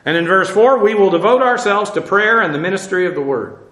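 Male Bible teacher, chatty and halting, dry humor, bright voice. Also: sits high, expressive, reverberant, poor audio. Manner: conversational, many fillers, dry asides. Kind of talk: informal Bible class teaching.

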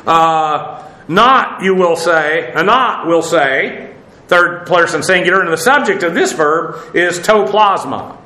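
Male Bible teacher, bright and sharp tone, halting delivery with restarts and spelled-out words, recorded with room echo. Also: on the high side, expressive. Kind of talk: verse-by-verse Greek text lesson.

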